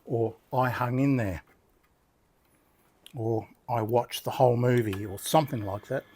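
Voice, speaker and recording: A man's voice: mid-range voice, a little slow, warm tone, husky. An older Australian man, a knife-sharpening host, chatting casually and telling rambling, good-humoured stories while he demonstrates.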